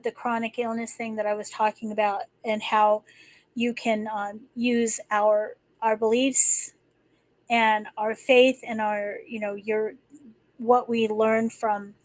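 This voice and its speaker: A woman with a highish voice hosts a live stream, rambling casually with frequent restarts and fillers. The recording is low quality, with no room sound.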